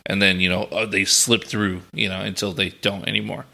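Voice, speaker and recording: A man's voice: on the low side, steady tone, a little fast, vocal fry, bright, forceful tone. A young man co-hosting a podcast, chatting casually and at length in a laid-back, talkative way. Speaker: podcast co-host. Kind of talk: casual chat.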